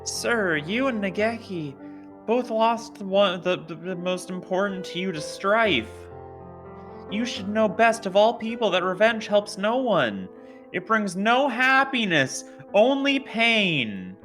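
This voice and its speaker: A woman voicing an earnest young bird who pleads in a slow, halting, stammering way over game music. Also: mid-range voice, animated, a bit bright. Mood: pleading.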